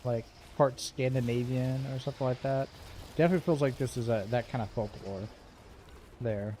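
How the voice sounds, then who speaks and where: A man streams a game and chats through it casually, cracking jokes and laughing along. His voice is mellow and dark in tone, at a middle pitch, with a faint hiss of background noise. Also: normal speed. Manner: chatty, jokey, laughing often. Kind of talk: casual gameplay commentary.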